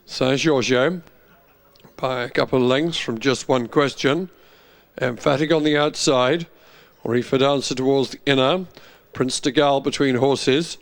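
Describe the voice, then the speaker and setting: A man giving horse racing commentary, calling the runners steadily and rising with excitement at the finish. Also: mid-range voice. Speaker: racecourse commentator.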